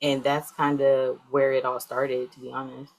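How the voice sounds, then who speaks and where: A woman's voice: very deep voice, flat delivery, moderate pace, rough recording. A young adult woman guest speaking in a casual interview, rambling with many fillers. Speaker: guest, healer.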